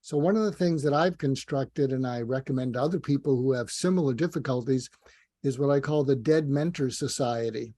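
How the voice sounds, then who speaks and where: A man's voice: medium pitch, brisk, dark tone. An older man, a guest in a conversation, telling stories candidly and a little hesitantly. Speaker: guest, executive coach. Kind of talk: conversational interview.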